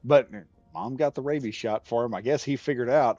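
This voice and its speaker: A man's voice: medium pitch, normal speed, a little mellow, dry recording, faint music behind. A man telling a story in casual chat on a stream, down-to-earth and often laughing. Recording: dull dry lo-fi sound.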